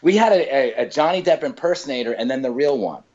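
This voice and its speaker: A male comedian telling stories in a casual chat, talking in quick bursts with lots of fillers and restarts. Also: medium pitch, dull audio. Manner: animated storyteller, many fillers and restarts. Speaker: comedian guest.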